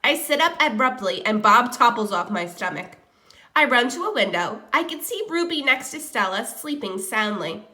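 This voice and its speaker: Bright-voiced woman reading a novel aloud. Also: fairly high pitch, big pitch swings, moderate pace. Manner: casual asides between chapters. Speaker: audiobook reader.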